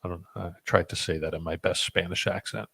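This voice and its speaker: A man with a lowish voice hosts a podcast in a relaxed, joking way. He talks loosely, often restarting his sentences and filling pauses with ums. The tone stays casual and conversational. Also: vocal fry, slightly rough. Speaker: podcast host.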